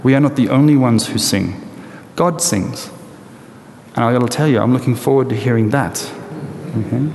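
A man preaching a sermon in a lively, animated storytelling way with rhetorical questions, in a large hall or church. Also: mid-range voice, moderate pace. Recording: echoey hall with long reverb and faint noise.

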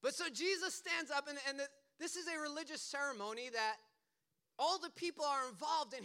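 A man's voice: very high voice, moderate pace. A man preaching a casual, conversational sermon, telling stories with loose asides. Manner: animated storytelling with casual asides. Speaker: pastor.

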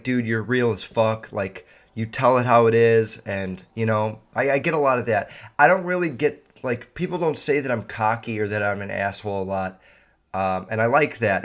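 A man's voice: medium pitch, a bit bright. A young man hosting his own podcast, rambling casually with heavy profanity and lots of fillers. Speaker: podcast host. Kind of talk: casual solo podcast rant.

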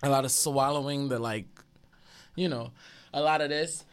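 A woman's voice: extremely low pitch, normal speed, smooth. A woman, hosting a casual radio chat show with loose, joking, profane talk and slightly congested sinuses. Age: 20s. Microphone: studio mic.

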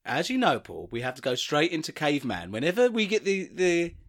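A man's voice: a little high, sing-song, brisk, a bit bright. A man hosting a comedy podcast, teasing and playful in casual banter. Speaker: podcast host.

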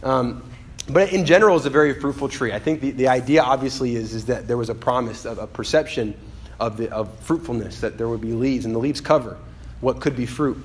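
A man preaching a sermon in an animated, conversational way, often acting out quotes and restarting his phrases. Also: medium pitch, a little fast.

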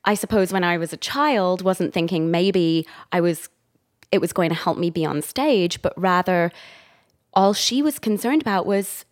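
Lower-voiced, chatty woman. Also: moderate pace. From England. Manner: chatty, laughs often, rambling restarts. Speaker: guest, actor and director. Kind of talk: casual interview chat.

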